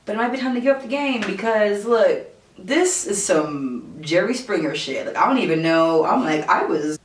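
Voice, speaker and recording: A young woman vlogger telling a casual storytime at home, animated and profane, with lots of filler words. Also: fairly low pitch, fast. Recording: roomy, distant camera audio.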